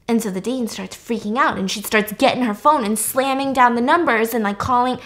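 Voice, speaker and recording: Animated woman recapping a film. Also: fairly high pitch, fairly quick, few pauses. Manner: animated, swears, acts out scenes. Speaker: podcast host. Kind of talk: casual movie recap.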